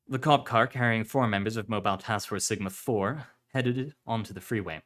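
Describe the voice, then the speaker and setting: Man with a low voice reading a story aloud. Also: normal speed, a bit bright.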